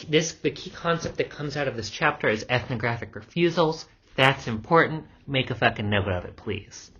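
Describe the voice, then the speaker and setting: A man's voice: mid-range voice, fairly bright tone, slightly rough. A man lecturing on anthropology in a loose, casual way, full of ums and the odd swear word. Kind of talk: recorded lecture. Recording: dull lo-fi recording.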